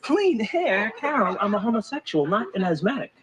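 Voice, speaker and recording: A man's voice: sits high, very animated, normal speed. An actor playing a dry-witted gay man who talks in a sardonic, patient way. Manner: dry, sardonic, then soothing. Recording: noisy 1970s TV soundtrack.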